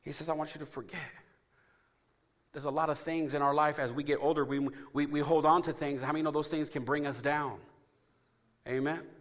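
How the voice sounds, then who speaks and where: A man's voice: a little high, steady tone, fairly quick. A man preaching a sermon as pastor, emphatic and calling out to his congregation for responses. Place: church.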